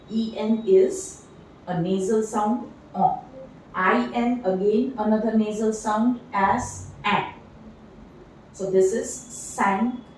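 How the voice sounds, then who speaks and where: A woman giving a French pronunciation lesson, spelling out letters and repeating each example word slowly. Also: medium pitch, dark tone, slight background noise. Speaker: French language trainer. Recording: echoey room heard from a distance.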